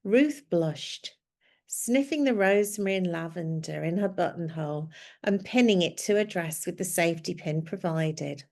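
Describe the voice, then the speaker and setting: A woman telling a story in a scripted narration, reading in a gentle, descriptive way. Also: on the low side, moderate pace.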